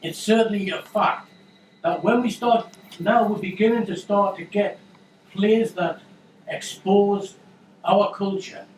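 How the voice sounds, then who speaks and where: A man's voice: sits high, takes it slowly, slight background noise. A man hosting a book launch, talking in a rambling, jokey way with lots of restarts. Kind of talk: casual public remarks. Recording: echoey room from far off.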